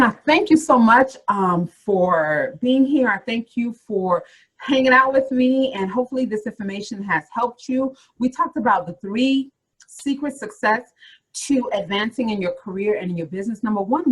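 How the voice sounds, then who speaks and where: Husky-voiced woman coaching a webinar. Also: a little high, low-quality recording. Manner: encouraging, repeats phrases, addresses listeners directly. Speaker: career development coach. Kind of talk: motivational webinar talk.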